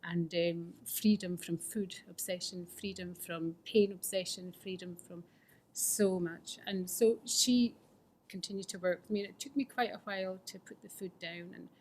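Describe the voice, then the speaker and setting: A middle-aged woman's fairly low, steady, slightly mellow voice unfolds at a moderate pace, over a little hiss or hum. She tells her own recovery story at a fellowship meeting as personal testimony, candid and self-mocking, frequently sinking into a whisper.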